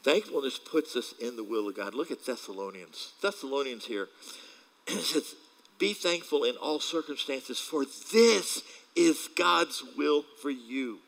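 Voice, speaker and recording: A man's voice: medium pitch, expressive, a little slow, creaky, a bit bright, rough recording. A male pastor preaching a casual sermon, telling stories with acted quotes and laughing along as he talks.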